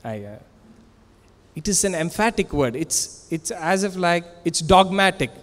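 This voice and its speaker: A man's voice: sits high, lively intonation, unhurried, long reverb tail. A man preaching a sermon in earnest, emphatic, repetitive phrases, recorded in a church. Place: church sanctuary.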